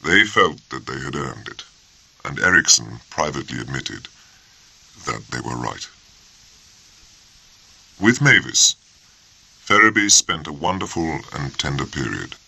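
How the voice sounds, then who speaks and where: A man narrating an audiobook in a measured, expressive storytelling manner. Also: extremely low pitch, vocal fry, breathy edge, poor audio. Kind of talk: scripted narration.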